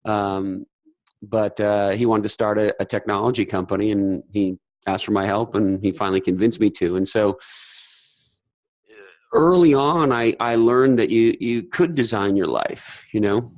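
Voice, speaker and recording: Casting note: low, dry-sounding male podcast host, rambling and profane. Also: a little mellow, no room sound, rough recording. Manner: rambling, halting, swears casually. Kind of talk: casual storytelling chat.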